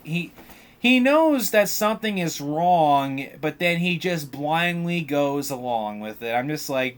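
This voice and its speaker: Bright-voiced man rambling through a film recap. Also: fairly high pitch, unhurried, clean tone. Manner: rambling, filler-heavy storytelling, animated retelling of scenes. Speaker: podcast host.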